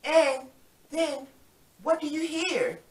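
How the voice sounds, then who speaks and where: A children's Sabbath School teacher with a high, steady voice takes her time leading young children through a Bible story. She's coaxing and playful, acting it out, and the recording sounds distant in an echoey room.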